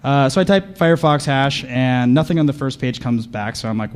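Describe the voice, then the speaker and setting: A man's voice: medium pitch, normal speed. Sarcastic man riffing to a crowd. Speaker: conference panelist. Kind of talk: comedic live talk to an audience.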